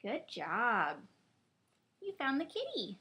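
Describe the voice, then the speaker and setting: A young mother in sing-song baby talk, her voice high and bouncing widely in pitch. She speaks slowly and coaxingly, with bright praise and playful animal noises. The tone is clear and lively. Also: a little hiss or hum. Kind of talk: baby talk with a seven-month-old.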